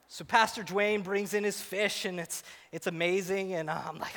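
A man giving a sermon, telling an animated, self-mocking story about himself. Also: high voice, normal speed, few pauses. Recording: long hall reverb.

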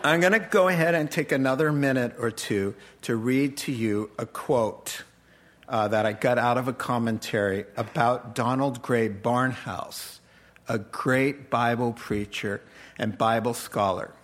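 A man preaching a sermon as pastor, animated and joking with laughing asides. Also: medium pitch, measured pace.

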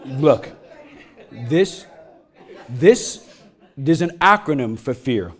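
A middle-aged man preaching a sermon, telling a funny personal story, laughing often and getting loud as he acts it out. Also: medium pitch, animated, extremely slow. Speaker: pastor.

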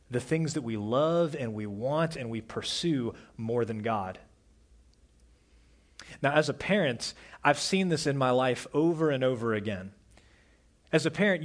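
A middle-aged man delivers a Sunday sermon in a slightly high, husky voice. He preaches earnestly and lets his voice fall quiet on the words that matter most. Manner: earnest preaching, drops to a soft hush on key words. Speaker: pastor.

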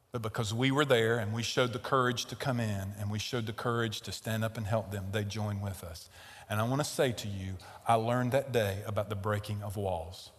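Guy preaching a sermon, tells stories and gets loud and worked up, echoey tent sound. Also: lowish voice. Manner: storytelling, gets loud and animated when recounting tense moments. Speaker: pastor. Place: large tent.

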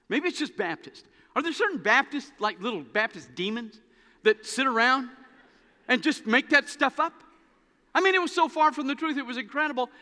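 Male pastor, high bright voice, storytelling sermon, long hall reverb. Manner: storytelling, animated, dry humor. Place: church sanctuary.

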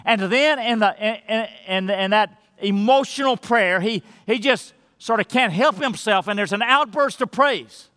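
A man preaching a sermon as pastor in a church, emphatic, drawing out key phrases slowly and restarting his sentences. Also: sits high, pushed and bright. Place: church sanctuary. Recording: long reverb of a large hall.

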